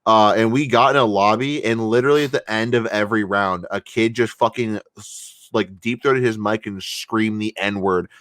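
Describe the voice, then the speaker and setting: A man's voice: lowish voice, steady tone, moderate pace, hardly any pauses, a bit bright. A man co-hosting a podcast, telling a story casually with lots of fillers and swearing. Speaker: podcast co-host. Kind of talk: casual chat.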